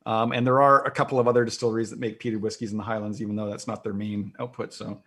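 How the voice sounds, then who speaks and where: Husky man explaining whisky casually. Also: lowish voice, level tone, quick pace, fairly bright tone. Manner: explanatory, hesitant with fillers. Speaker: host, whisky presenter. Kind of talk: casual tasting chat.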